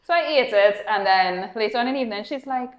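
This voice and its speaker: A woman's voice: on the high side, lively intonation, quick pace. A woman co-hosting a parenting podcast, chatting and telling funny family anecdotes. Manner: chatty, anecdotal, laughs easily. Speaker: podcast co-host. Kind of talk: casual podcast conversation. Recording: roomy echo.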